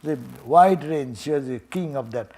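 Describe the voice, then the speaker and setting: A man's voice: fairly high pitch, moderate pace, breathy edge. An older man with an Indian English accent, a swami telling a devotional story in a sermon and acting out its dialogue with chuckles. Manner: animated, acts out dialogue, chuckles often. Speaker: swami giving a temple talk.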